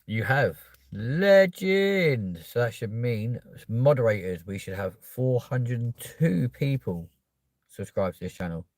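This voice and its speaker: A young man with a London accent hosts a casual livestream, reading comments and chatting cheekily with viewers. His voice sits fairly low, and he bursts into loud, excited pushes for subscribers. The sound is dry and close, with no room around it. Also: a little slow, dry recording. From England. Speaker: livestream host.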